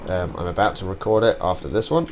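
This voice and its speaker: A young man hosting his own gaming channel, rambling chattily while playing and shouting curses at the game. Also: low-pitched, quick pace, background noise. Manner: swears and yells at the game; chatty and rambling between outbursts. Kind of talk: gameplay commentary.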